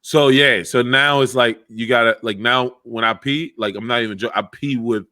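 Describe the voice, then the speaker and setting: A man's voice: mid-range voice, normal speed, bright, forceful tone. Profane rambling male podcast host. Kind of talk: crude casual banter.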